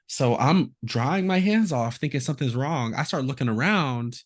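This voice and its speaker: Animated man telling a story. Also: mid-range voice, normal speed. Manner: animated storyteller, acts out quotes. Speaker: podcast host. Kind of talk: casual podcast chat.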